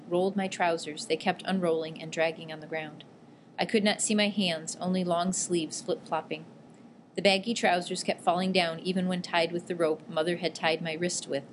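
A woman narrating a book aloud in a steady, even storytelling read. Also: on the low side, slight background noise. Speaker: audiobook narrator. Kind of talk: scripted narration.

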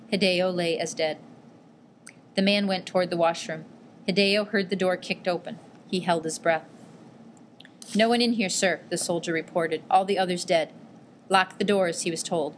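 A woman narrating an audiobook in a steady, measured reading. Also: on the low side, slight background noise.

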